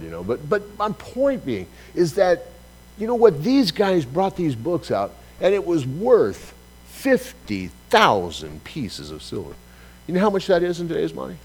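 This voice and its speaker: A man's voice: a little high, normal speed, poor audio. Guy preaching, telling a story, voice bouncing all over, acts out the dialogue. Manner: animated storytelling with acted-out dialogue. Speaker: pastor. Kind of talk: sermon with personal story.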